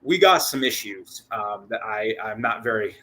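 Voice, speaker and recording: A man's voice: lowish voice, lively intonation, moderate pace, bright, forceful tone, rough recording. A man hosting a casual postgame sports show, rambling with restarts and repeated words, short of breath. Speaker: sports podcast host.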